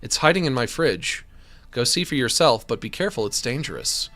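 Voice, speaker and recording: A man's voice: mid-range voice, animated, fairly quick, sharp tone, soft background music. A man voicing an anxious, paranoid male painter in a video game, talking in a jittery, pleading way. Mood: frantic.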